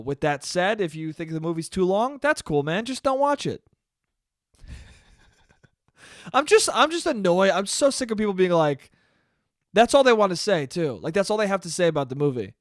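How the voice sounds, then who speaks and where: Filming himself in a small room, a young podcast host rants solo in a casual, animated style, swearing and imitating people in quoted asides. His voice sits on the high side, and the clean studio sound has no echo.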